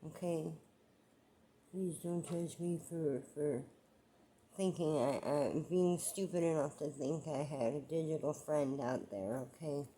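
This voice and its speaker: A woman's voice: sits low, a little slow, warm tone, slight background noise. A woman vlogging about her own life in a rambling, emotional monologue, repeating herself as she gets frustrated. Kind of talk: emotional personal vlog monologue.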